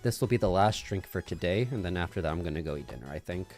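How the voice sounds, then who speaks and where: A man's voice: low voice, lively intonation, fast, a little mellow, soft background music. A man streaming, rambling in casual chat on a binaural microphone, thinking aloud with hums and little laughs.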